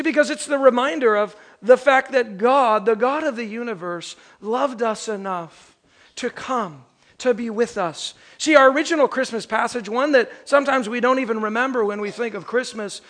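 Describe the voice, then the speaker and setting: A man in his thirties preaching a Christmas sermon, telling a joke story and then slowing down to stress key phrases. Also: very high-pitched, a bit bright. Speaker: pastor.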